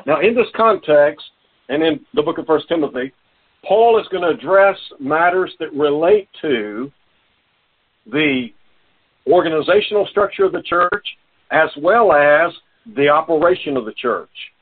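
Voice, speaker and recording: A man preaching a sermon, his voice raspy from a cold, quoting scripture in a measured way. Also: a little high. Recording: tinny phone-line audio.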